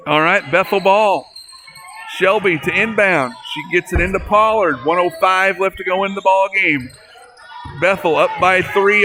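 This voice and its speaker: A man calling a local high school basketball game play by play, folksy and talking to listeners as folks, getting excited at big plays. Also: unhurried. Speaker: play-by-play announcer.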